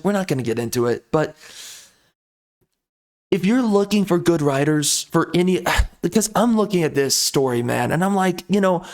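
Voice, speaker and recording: High-voiced man ranting on camera. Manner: ranting, repeats himself, blunt. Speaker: video commentator. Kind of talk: ranting commentary.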